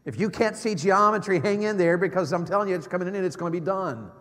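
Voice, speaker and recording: A middle-aged man preaching a sermon as an evangelist, swinging from loud exclamations to hushed low tones. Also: fast talker. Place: church sanctuary. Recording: long church hall reverb.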